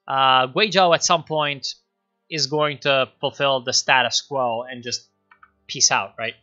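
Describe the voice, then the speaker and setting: Excitable, bright-voiced male game streamer. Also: mid-range voice, muffled recording, faint music behind. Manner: excitable, swearing, quick to laugh. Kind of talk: live-streamed strategy game commentary.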